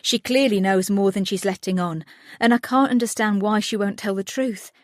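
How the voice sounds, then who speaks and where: A woman's voice: mid-range voice, normal speed, dry recording, clean studio sound, close to an everyday voice. A woman playing a grieving, furious mother. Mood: anguished.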